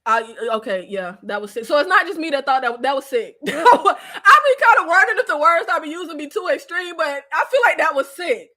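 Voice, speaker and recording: A woman hosting a casual live-stream recap chat, animated and slangy, laughing often, with a stuffy nose and scratchy throat. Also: sits high, a little fast, hardly any pauses.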